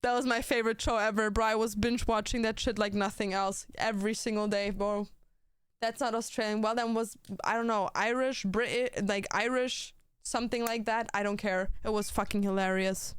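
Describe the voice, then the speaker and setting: A young woman chatting on a live stream, rambling and cracking crude jokes. Her voice is smooth and clear, recorded close and dry. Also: medium pitch, steady tone, moderate pace, no echo. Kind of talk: casual stream chat.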